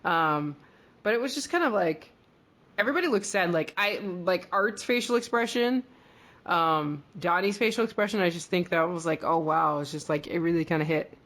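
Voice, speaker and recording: A woman's voice: on the low side, expressive, normal speed, a bit bright. A woman co-hosting a podcast, recapping a TV episode in a chatty, rambling way full of fillers. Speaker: podcast co-host. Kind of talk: casual episode recap chat.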